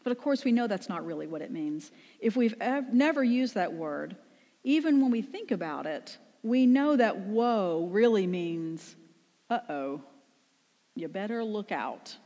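A woman's voice: medium pitch, lively intonation, moderate pace, warm tone. A woman pastor delivering a conversational sermon, often asking the congregation rhetorical questions. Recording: long reverb in a large room.

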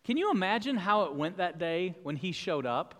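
A man pastor delivers an emphatic sermon in a church sanctuary, stacking up repeated refrains. His voice sits high for a man. A long reverb from the large hall carries behind his words. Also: very animated, normal speed, a bit bright.

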